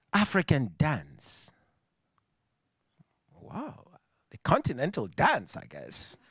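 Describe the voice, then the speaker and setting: A man from Nigeria with a Nigerian accent, telling a personal story on stage to a live audience in a reflective, wry way with dramatic pauses. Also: mid-range voice, dry recording.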